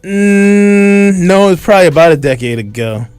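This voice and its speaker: Man, radio host, fairly high voice, lively storytelling, studio mic, faint music underneath. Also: moderate pace, clear, resonant tone, dry recording. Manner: animated storyteller, acts out shouted quotes. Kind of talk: casual storytelling on a radio talk show. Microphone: studio microphone.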